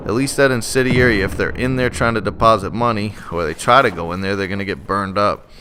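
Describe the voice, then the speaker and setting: Profane, excitable man narrating gameplay. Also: fairly low pitch, brisk. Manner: excitable, profane, frustrated ranting. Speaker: gaming channel host. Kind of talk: gameplay commentary voice-over. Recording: noisy background.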